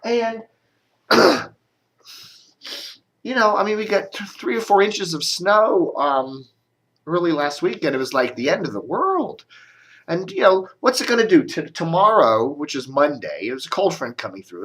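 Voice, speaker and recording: A man's voice: a little high, animated, moderate pace, a bit bright. A man giving a casual, rambling media commentary, grumbling and sarcastic, with coughs and restarts. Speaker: media blogger doing a video commentary.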